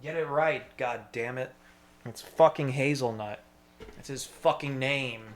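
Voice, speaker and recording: A man's voice: mid-range voice, a little slow, slight background noise. A man in a rambling solo monologue, swearing freely and talking to himself. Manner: profane, meandering, talks to himself.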